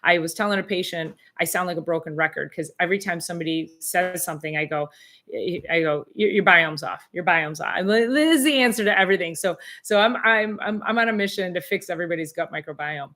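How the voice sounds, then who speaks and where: A middle-aged woman with a somewhat low voice hosts a live question-and-answer stream. She talks casually and rambles, full of fillers and false starts. Now and then she bursts into animated disbelief. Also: fast. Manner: chatty, rambling, frequent fillers and restarts. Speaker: chiropractor hosting a live Q and A.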